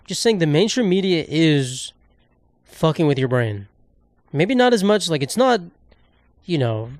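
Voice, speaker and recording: A man's voice: fairly high pitch, no room sound, studio quality. A man hosting a solo podcast, ranting in a rambling, sarcastic, profane way and cutting himself off mid-thought. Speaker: podcast host.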